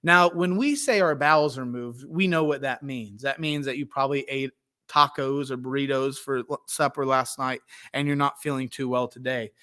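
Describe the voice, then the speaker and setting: A man's voice: medium pitch, sharp tone. Conversational male pastor preaching. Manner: conversational, plays out Bible scenes in quick voices. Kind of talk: sermon.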